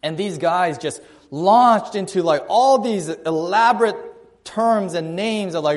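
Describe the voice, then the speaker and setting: A man preaching a sermon, telling a personal story in a conversational way and shifting his loudness and pace for emphasis. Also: on the high side, animated, unhurried.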